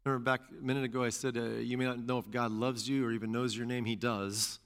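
A man preaching a sermon as pastor and teacher, repeating key phrases and rising to loud stresses. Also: mid-range voice, little pitch movement, fast talker, smooth.

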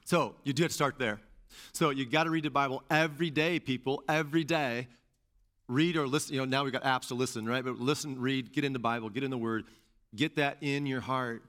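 Preaching with an animated, conversational style, a male pastor with a medium-pitched voice repeats phrases to emphasize points and tosses in casual asides.

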